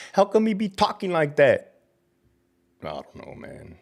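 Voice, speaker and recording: Slightly high and slightly rough, with vocal fry and wildly swooping pitch, this middle-aged man's voice moves slowly. A livestream host and former corrections officer, he rants about his former job while answering chat, profane, mocking, fired-up and full of Spanish slang.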